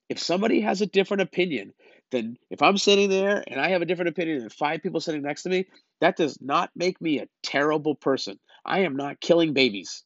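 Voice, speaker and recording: A man rants bluntly at his listeners, exasperated and lecturing. His voice sits a bit high for a man. The recording is dry and a touch muffled. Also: a bit bright, dry recording. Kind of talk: opinion rant.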